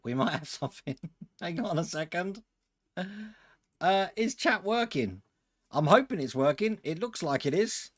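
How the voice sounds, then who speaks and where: A man's voice: on the high side, big pitch swings, measured pace, a bit bright. A man hosting a live stream, chatting casually with viewers and chuckling often. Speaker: host of a model-building channel.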